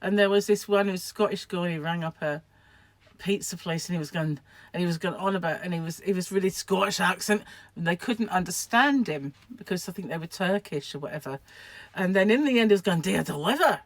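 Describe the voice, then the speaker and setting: A woman's voice: on the low side, brisk, dry recording. An older woman from England chatting to camera in a rambling, self-deprecating way, laughing often. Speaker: vlogger, craft shop owner. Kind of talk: casual chat to camera.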